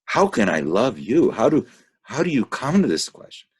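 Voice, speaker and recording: Give me a man voicing an anxious underworld traveler, husky and lively. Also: mid-range voice, normal speed, voice pushed up. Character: frightened male visitor to the underworld.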